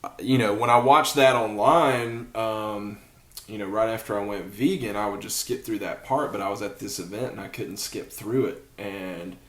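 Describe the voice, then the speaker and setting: Low-voiced laid-back man hosting. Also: normal speed. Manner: relaxed, friendly filler words like "dude" and "you know". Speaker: podcast host. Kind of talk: casual conversation.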